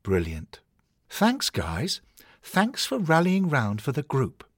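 A man's voice: fairly high pitch, huge pitch swings, slow pace, breathy edge, no echo, clean studio sound, pitched above the performer's own voice, heavily acted. A man voicing an anxious male cuddly hornet mascot toy who pleads and grumbles. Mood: sarcastic. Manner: fretful, pleading, exasperated.

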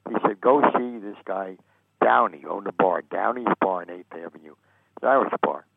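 An older American man, a sportswriter guest, telling lively anecdotes and acting out the people he quotes. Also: low voice, normal speed, creaky, husky, dry recording. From United States. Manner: animated storyteller, acts out quoted voices. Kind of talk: anecdotal storytelling interview. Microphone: phone. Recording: tinny phone line.

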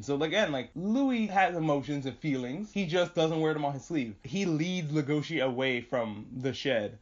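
Animated, joking man recapping an anime. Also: a little high, moderate pace, hardly any pauses, highs cut off. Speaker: podcast host recapping an anime. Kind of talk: casual solo recap.

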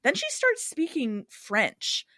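A bright, animated woman talks through a TV episode for her podcast, casual and quick to act out the characters' lines. Her pitch swings widely as she goes. The sound is close and dry, with no room around it. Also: no echo. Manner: animated, acts out quoted lines in higher voices. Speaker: podcast host recapping a TV show. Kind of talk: casual chat.

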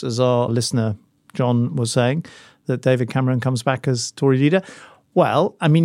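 A man's voice: mid-range voice, warm tone, dry recording. A middle-aged man with a mid-range voice co-hosts a talk podcast, turning over ideas in a wry, musing way. The recording is dry and close-miked. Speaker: podcast co-host. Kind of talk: casual chat.

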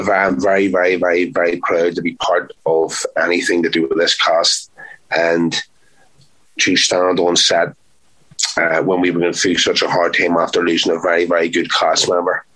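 A man's voice: low voice, pushed and bright, low-quality recording. A man, an actor, chatting in an interview, playful and talkative, repeating words for emphasis. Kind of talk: casual interview chat.

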